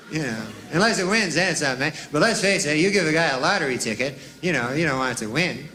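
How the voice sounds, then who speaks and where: A man doing a stand-up routine in a drawling, deadpan way, with rambling asides. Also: on the high side, fast talker, hardly any pauses. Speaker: stand-up comedian. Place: comedy stage before a live audience. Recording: live club recording with audience laughter and noise.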